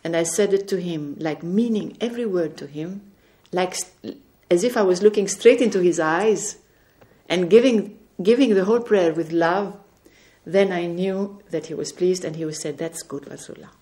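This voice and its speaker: Woman, spiritual testimony, earnest and gentle, warm mellow tone, slightly low voice. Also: normal speed. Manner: earnest, gently recounting conversations. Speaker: religious speaker. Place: indoors at home.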